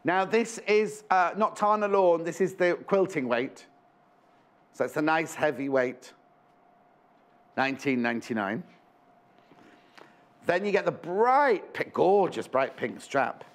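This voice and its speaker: A man's voice: fairly high pitch, lively intonation, a little slow, pauses often. A man presenting on a live shopping channel, chatty and rambling, counting down stock and correcting himself as he goes. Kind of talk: live TV sales pitch. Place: TV studio.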